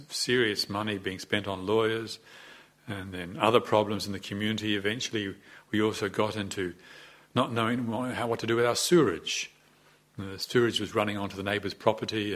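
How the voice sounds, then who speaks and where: A man's voice: fairly low pitch, fairly bright tone. A man in his sixties, a Buddhist abbot, giving a conversational dharma talk in a reflective, self-deprecating way, with frequent hesitations. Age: 60s.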